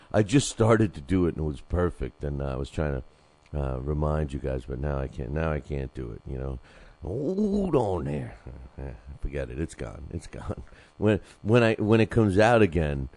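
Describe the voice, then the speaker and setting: Gravelly-deep New podcast host. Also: male voice, warm tone. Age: older. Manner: loose, rambling, jokey, many fillers. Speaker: podcast host reading sponsor ads. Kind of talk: casual boxing podcast talk.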